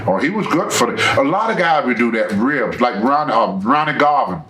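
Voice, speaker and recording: A man's voice: medium pitch, animated, moderate pace, a bit bright, reverberant, slight background noise, low-quality recording. A man telling blunt, emphatic stories as an interview guest. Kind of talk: casual storytelling.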